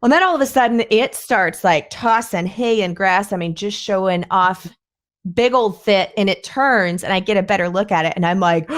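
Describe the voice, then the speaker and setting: A woman hosting a podcast tells a story in a relaxed, chatty way. Her voice sits at an ordinary middle pitch, and she grows animated as she acts out what others said. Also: moderate pace. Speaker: podcast host. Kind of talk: casual conversational storytelling.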